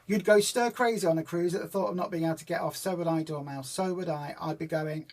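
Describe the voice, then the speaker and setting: A chatty woman hosts a relaxed weekend live stream. She rambles from story to story, retelling whole conversations in reported speech and stopping often to answer viewer comments. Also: on the low side, fairly quick, few pauses. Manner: homely and informal, many ums and restarts. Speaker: host of a weight loss community live stream.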